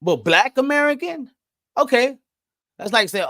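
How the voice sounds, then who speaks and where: A man in his thirties hosting a podcast alone, answering live chat in blunt, profane talk that jumps loud and high when he gets riled. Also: animated, normal speed, dry recording. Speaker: podcast host. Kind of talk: casual solo commentary reading live chat.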